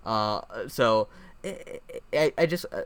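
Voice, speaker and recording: A man co-hosting a podcast, telling personal stories in a relaxed, hesitant way. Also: fairly low pitch, takes it slowly, smooth, no echo. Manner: relaxed storyteller, hesitant with fillers. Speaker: podcast co-host. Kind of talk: casual chat.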